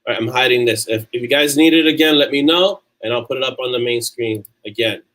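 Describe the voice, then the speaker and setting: A man from New York hosts a relaxed livestream and chats with his audience. His voice sits at an ordinary middle pitch. He talks in a loose, rambling way and breaks off to restart his sentences. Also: quick pace, rough recording. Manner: chatty and loose, frequent restarts. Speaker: author hosting a livestream. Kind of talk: casual livestream chat reading viewer comments.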